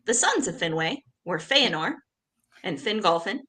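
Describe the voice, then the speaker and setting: Animated woman reading aloud. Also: on the low side, moderate pace. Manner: animated, laughs often. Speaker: podcast co-host.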